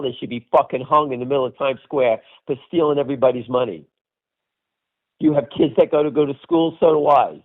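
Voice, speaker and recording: An older man, pitched a little high for a man, rants on a conference call in an angry, blunt, profane manner. He carries a slight cough. His voice comes through a tinny, narrow phone line. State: has a cough. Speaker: host.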